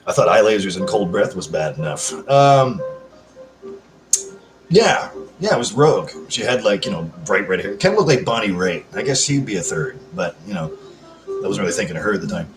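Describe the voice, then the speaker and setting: A man's voice: lowish voice, very animated, fairly quick. A man hosting a casual live chat, rambling, swearing freely and answering viewer comments. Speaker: livestream host. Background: background music.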